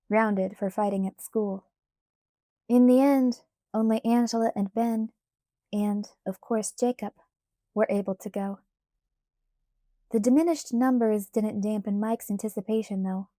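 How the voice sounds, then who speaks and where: A woman narrating a first-person audiobook in a steady, clear storytelling manner. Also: medium pitch, a little slow, long pauses, no echo, studio quality.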